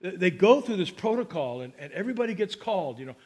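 A middle-aged man preaching a sermon as pastor, chatty and storytelling with quick asides, slowing down and lifting his voice when he preaches scripture. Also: high-pitched, expressive. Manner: slows and lifts voice to preach scripture.

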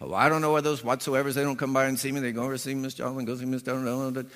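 A man voicing a lonely, complaining eighty-year-old woman in a quick, whiny grumble, within a sermon. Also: medium pitch, flat delivery, a bit bright, in a large hall, natural voice. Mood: grumbling.

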